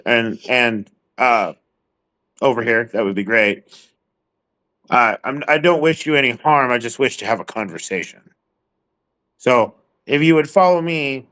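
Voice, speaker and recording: A man's voice: mid-range voice, a bit bright, close to an everyday voice, low-quality recording. A man voicing a huge, stern jarl who rules a city and talks bluntly and commandingly. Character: huge stern male jarl, a city's ruler.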